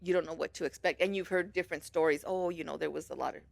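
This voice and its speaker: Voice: medium pitch, steady tone, fast talker, vocal fry, a crowd in the background. A podcast guest rambling through an account of strange events at home, often correcting themself. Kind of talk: casual storytelling. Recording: music playing behind.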